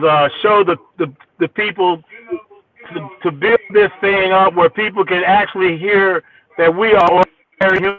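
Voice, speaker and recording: Animated storyteller on a phone line. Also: male voice, high-pitched. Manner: animated, repeats words, acts out quotes. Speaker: musician guest. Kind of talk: casual storytelling interview.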